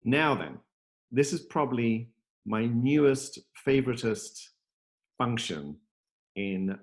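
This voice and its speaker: A man talks through his app over a video call from home, upbeat and rambling, full of ums and restarts. His voice sits at an ordinary middle pitch. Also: expressive, slow. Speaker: software company host demoing his app. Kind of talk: casual demo chat over video call.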